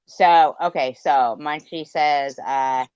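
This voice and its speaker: A woman hosting a livestream, calmly reading viewer comments aloud. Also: low-pitched, slow pace, clean tone, no room sound, lo-fi sound. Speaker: livestream host. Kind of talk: casual livestream chat.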